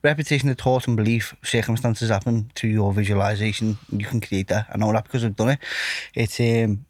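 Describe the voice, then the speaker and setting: A man's voice: lowish voice, fairly even intonation, brisk, darkish tone, dry recording. A man, a boxer appearing as a guest, talking earnestly and reflectively in casual chat, returning often to the same stock phrases.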